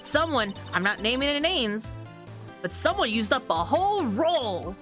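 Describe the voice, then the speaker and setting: A woman's voice: fairly high pitch, big pitch swings, moderate pace, a bit bright, soft background music. A woman voicing a brash, blustery Southern woman photographer with an exaggerated American Southern drawl. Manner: blustery, scolding. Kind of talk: reading game dialogue aloud.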